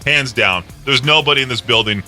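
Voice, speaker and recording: A man's voice: mid-range voice, fairly quick, bright, forceful tone, faint music behind. A man hosting a radio show, bantering casually with a co-host, teasing and laughing often. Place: radio studio.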